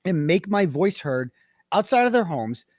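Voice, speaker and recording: A man's voice: sits high, big pitch swings, normal speed, a little mellow, no echo, clean studio sound. A man being interviewed, telling his story bluntly and with animation, swearing at times. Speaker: guest, independent journalist. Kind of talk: conversational interview.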